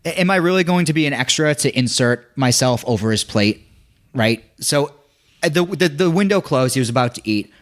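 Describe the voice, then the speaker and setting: A young man telling a story in casual podcast chat, animated, acting out quotes with many restarts. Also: medium pitch, fairly quick.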